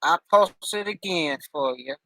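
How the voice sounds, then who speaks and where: A man's voice: a little high, unhurried, bright, forceful tone, no echo, low-quality recording. A man chatting loosely with his live-stream viewers through a headphone mic, joking and calling people by name. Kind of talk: casual live-stream chat.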